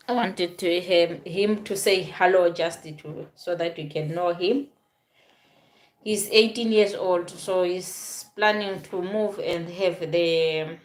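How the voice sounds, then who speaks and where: Woman in her forties, from southern Africa, casual vlog talk, halting and repetitive. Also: fairly low pitch. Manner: halting, repeats and restarts phrases. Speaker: vlogger.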